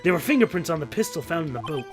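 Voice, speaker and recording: A man's voice: on the high side, sing-song, racing, over music. A man playing a clumsy, eager male police detective in a hesitant, bumbling manner. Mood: earnest.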